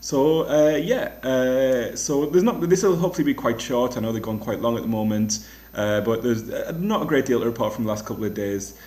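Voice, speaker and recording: A young comedian vlogging casually from a flat, rambling and self-deprecating with many restarts. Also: male voice, mid-range voice, brisk, hardly any pauses. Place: rented flat. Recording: echoey room.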